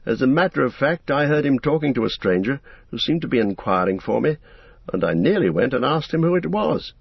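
A man voicing a thoughtful, worried male hobbit gentleman who speaks in a measured way. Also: medium pitch, expressive, creaky, slightly rough, dry recording, voice pushed up. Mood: serious. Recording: dull, dry lo-fi recording.

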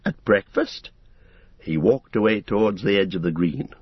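A man giving a steady, scripted audiobook narration as the storyteller. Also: sits low, a little fast, slightly rough, no room sound. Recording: dull, dry recording.

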